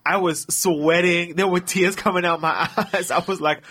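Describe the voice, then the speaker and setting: A man's voice: high-pitched, steady tone, measured pace, a bit bright. A young man co-hosting a podcast, telling a long story in casual chat, laughing and acting out what people said. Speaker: podcast co-host.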